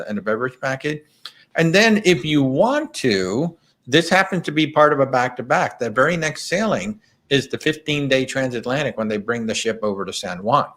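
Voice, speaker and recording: A man's voice: mid-range voice, a bit bright. A middle-aged man hosting a live travel Q&A in a chatty, rambling way with frequent restarts. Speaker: travel agent show host. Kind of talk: live Q&A chat.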